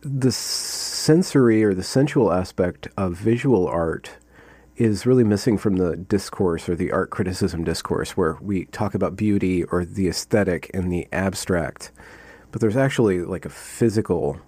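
Man, casual host, low voice, husky, rambling and playful. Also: moderate pace, darkish tone, no room sound. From United States. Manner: meandering, playful, thinks aloud with fillers. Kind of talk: casual conversation.

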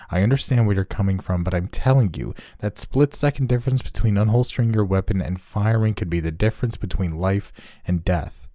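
A man's voice: deep voice, mellow, dry recording, studio quality, close to an everyday voice. A man voicing a tense, stern woman police detective who speaks in a clipped, commanding way.

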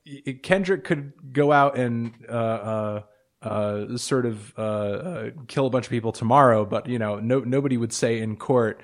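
A man's voice: medium pitch, moderate pace. Hesitant male podcast host. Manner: hesitant, many fillers and restarts. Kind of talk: casual interview chat.

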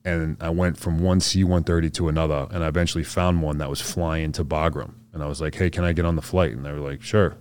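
A man's voice: rumbling low, steady tone, fast talker, hardly any pauses, a little mellow. A man, a soldier guest on a podcast, telling a story in a laid-back, slangy way and acting out what others said. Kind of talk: casual storytelling interview.

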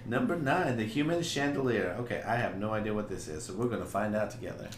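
A man's voice: lowish voice, expressive, fast, echoey room, slight background noise. A man co-hosting a casual podcast, reading listener submissions aloud in a frank, joking way. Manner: frank, joking, laughs often. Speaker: podcast co-host.

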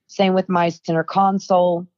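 A woman's voice: fairly low pitch, flat delivery, moderate pace, a little mellow. A young adult woman, a podcast guest, telling a story in casual chat and acting out the quoted dialogue. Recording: dull, lo-fi dry sound.

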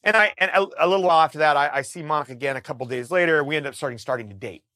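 A middle-aged man, a musician guest, telling a story in a casual, animated way, swearing freely and restarting his sentences. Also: a little high, racing, no room sound, studio quality. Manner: animated, profane, frequent restarts.

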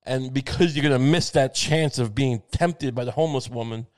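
A man's voice: medium pitch, normal speed, darkish tone. A man hosting a talk show, delivering a profane, sardonic comedic monologue that rambles and restarts itself.

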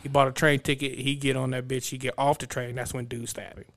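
A young man in casual chat, recapping a movie plot in a rambling, profane, animated way. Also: mid-range voice, quick pace. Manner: profane, animated storytelling with acted-out quotes.

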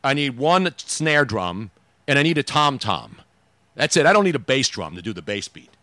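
A man hosting a radio show, bantering in a loud, teasing way. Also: medium pitch, big pitch swings, moderate pace, no room sound. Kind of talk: casual on-air banter.

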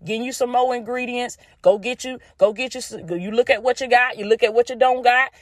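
Addressing her listeners as "baby" and "y'all," a woman from the Southern United States with a Southern US accent hosts a podcast, giving a down-home, faith-based motivational talk with repeated phrases for emphasis. She speaks briskly in a fairly high voice with fairly even intonation. The recording is dry and studio quality.

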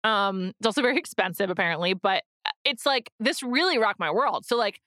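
Bright chatty woman cohost, lots of "like", dry close sound. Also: mid-range voice, expressive, a little fast, no room sound. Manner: chatty, many "like" fillers and restarts. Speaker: podcast co-host. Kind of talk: casual chat. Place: in New York.

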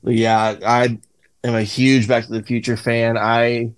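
A man's voice: mid-range voice, little pitch movement, a little slow, smooth. A man chatting casually as a podcast guest, telling an easygoing anecdote.

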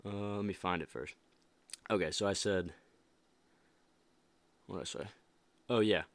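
A man's voice: low voice, a little slow, no echo. A young man hosting a motivational podcast, talking casually and emphatically with many restarts and fillers. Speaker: podcast host.

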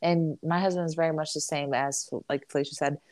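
Low-voiced woman, chatty podcast co-host with a dry, close sound. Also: a little fast, no echo. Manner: chatty, animated retelling with many fillers. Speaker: podcast co-host, military spouse. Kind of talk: casual chat.

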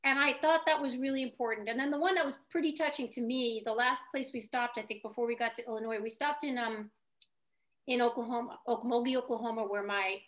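Woman guest, high voice, chatty and halting storyteller. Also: fairly bright tone. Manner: chatty, hesitant storyteller with many restarts. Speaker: guest writer. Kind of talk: casual interview talk.

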